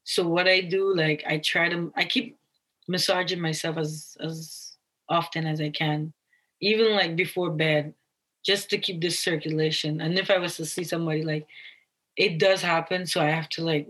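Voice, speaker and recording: A woman's voice: sits low, normal speed, low-quality recording. A young woman from Guyana, interviewed about her life, talking casually with many fillers and restarts. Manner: casual, many fillers and restarts, quotes others in lively voices. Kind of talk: candid interview talk.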